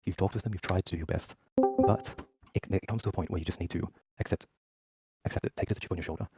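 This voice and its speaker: A man mediating in a voice-chat argument, calm and measured, giving advice. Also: sits low, over loud music, low-quality recording. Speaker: mediator in group call. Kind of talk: voice-chat discussion.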